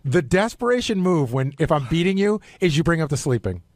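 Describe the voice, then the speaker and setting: Quick-speaking man explaining on radio. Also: a little high, very animated, darkish tone, dry recording. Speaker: show staffer. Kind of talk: casual radio chat.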